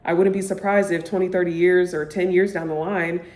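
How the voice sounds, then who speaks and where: A woman's voice: on the low side, fairly even intonation, a little fast, a little mellow. A young woman vlogger chatting casually about books she loves, gushing and peppering her talk with "like". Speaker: book vlogger. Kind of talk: casual chat to camera. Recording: echoey room.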